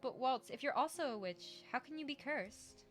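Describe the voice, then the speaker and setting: A woman hosting a let's play, reading a visual novel's narration and lines aloud and chatting with a friend, animated with dry sarcastic asides. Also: sits high, moderate pace, soft background music. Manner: animated, laughs often, breaks into dry sarcasm.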